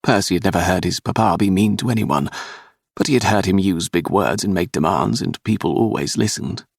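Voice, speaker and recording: A man narrating a historical romance audiobook in a dramatic, expressive reading. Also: low-pitched, fairly quick, creaky, dry recording, clean studio sound.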